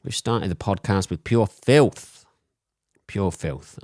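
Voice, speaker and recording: A podcast host, sore-throated from a cold, rambles through crude, profane jokes on his solo show. His low, darkish voice moves slowly, recorded with clean studio sound and no room ambience.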